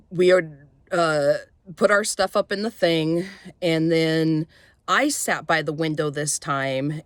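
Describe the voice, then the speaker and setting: A woman vlogger telling a personal story in a halting, rambling way with many fillers, shaken as she recounts a frightening event. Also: low-pitched, smooth, no echo, clean studio sound. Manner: shaken, tense when recounting fear.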